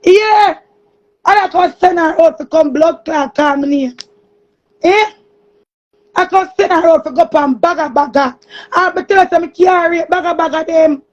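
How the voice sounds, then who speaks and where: Shrill Jamaican woman ranting loudly. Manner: loud, cursing, shouting. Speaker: streamer. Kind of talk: angry ranting monologue. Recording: muffled lo-fi recording.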